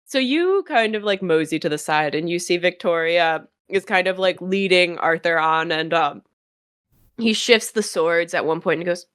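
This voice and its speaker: A woman's voice: fairly low pitch, moderate pace, fairly bright tone, clear, resonant tone, no room sound, clean studio sound. A woman narrating as game master in a casual, giggly way. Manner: casual, giggly, lots of fillers.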